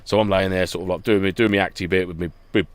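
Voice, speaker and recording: A low-pitched man chatting on a podcast, telling animated stories and laughing a lot as he acts out quotes. The sound is close and dry, with no room around it. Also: fast, no echo. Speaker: podcast co-host. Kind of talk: casual podcast chat.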